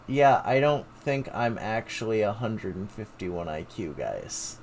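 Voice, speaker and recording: A man's voice: lowish voice, sing-song, measured pace, a little mellow, a little hiss or hum. A man streaming live, thinking aloud in a self-mocking casual way while taking quizzes.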